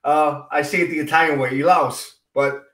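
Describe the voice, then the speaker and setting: A middle-aged man hosting a casual interview, jokey and quick to laugh, teasing his guest. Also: fairly high pitch, level tone, a bit bright. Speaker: host.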